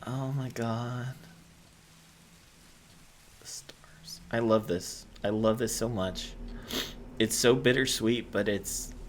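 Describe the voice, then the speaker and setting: A man hosting a gaming channel, giving quiet, soft-spoken let's-play commentary and musing aloud as he explores. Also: medium pitch, steady tone, takes it slowly, pauses often, slight background noise.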